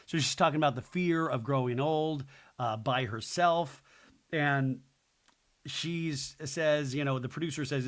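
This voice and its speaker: A man's voice: a little high, measured pace. Chatty man hosting a TV recap podcast. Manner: chatty, opinionated asides. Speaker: podcast host. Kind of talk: casual reality TV recap.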